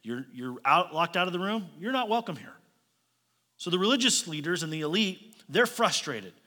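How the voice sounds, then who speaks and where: Bright-voiced male pastor preaching in a hall. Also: high-pitched, very animated, normal speed. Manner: conversational, asks listeners pointed rhetorical questions; light joking asides. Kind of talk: sermon. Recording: long reverb of a large hall.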